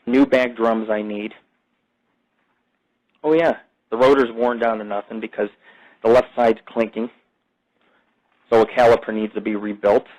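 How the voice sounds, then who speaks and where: A man's voice: lowish voice, steady tone, a little slow, pauses often, darkish tone, dull audio. A man hosting his own podcast, delivering a rambling, profane casual monologue that jumps between topics. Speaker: podcast host.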